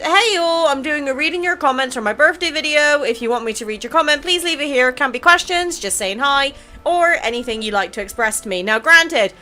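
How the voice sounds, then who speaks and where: Vlog host, woman in her 20s, bright, slightly high voice, chatty, emotional, casual swearing. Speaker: YouTube channel host. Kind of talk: casual vlog chat reading viewer comments.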